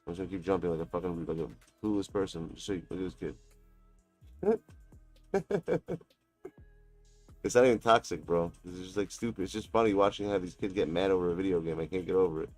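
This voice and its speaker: A man's voice: deep voice, fast, darkish tone, faint music behind. A man streaming a basketball video game, taunting and mocking his opponent with a profane, trash-talking manner. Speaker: gaming streamer. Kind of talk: live gameplay trash talk.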